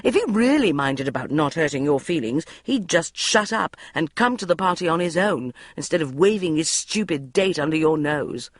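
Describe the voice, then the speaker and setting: A reader voicing an indignant woman friend ranting loudly at a boozy dinner in an audiobook. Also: medium pitch, lively intonation, normal speed, hardly any pauses, dry recording, studio quality, lightly acted. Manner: loud, furious ranting. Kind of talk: audiobook reading.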